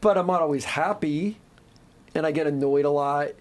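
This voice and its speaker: A man hosting a podcast interview, asking questions in a halting way with frequent restarts. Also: a little high. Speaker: podcast host.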